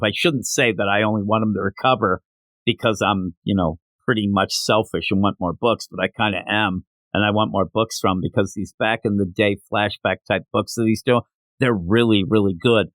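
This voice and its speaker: A man's voice: on the low side, no room sound. A man reviewing comics in a casual solo show, ranting and sarcastic, tired from not sleeping.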